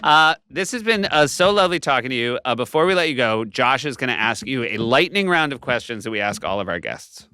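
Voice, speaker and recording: A man's voice: mid-range voice, big pitch swings, sharp tone, clean tone, no room sound. A man co-hosting a podcast, joking playfully and running the chat. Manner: playful, joking, quick to laugh. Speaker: podcast co-host.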